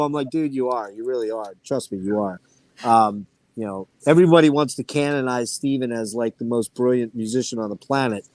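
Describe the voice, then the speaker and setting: A man hosting an online talk show, telling stories in an animated way and swearing freely. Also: mid-range voice, fast talker, no room sound. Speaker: podcast host. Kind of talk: casual chat.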